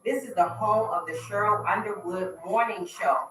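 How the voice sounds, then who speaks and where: A woman's voice: mid-range voice, moderate pace, a bit bright. A woman hosting a talk radio show, making upbeat, chatty announcements from a studio. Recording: roomy, distant mic.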